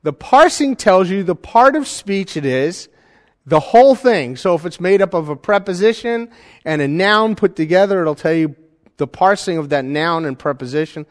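A man's voice: high-pitched, lively intonation, normal speed. A man teaching a Bible study class in a casual, conversational way, often checking in with his listeners. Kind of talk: informal teaching, demonstrating software. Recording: hall reverb.

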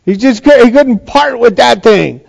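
A man's voice: extremely high pitch, expressive, moderate pace, creaky, poor audio. A male pastor giving a sermon in a chatty, conversational way, often restarting his sentences.

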